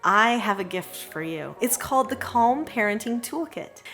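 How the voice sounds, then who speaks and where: A woman's voice: a little high, moderate pace, faint music behind. Earnest woman giving parenting advice. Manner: warm, earnest and reassuring, sometimes drops to a soft calm voice. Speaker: parenting educator. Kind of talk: direct-to-camera parenting advice.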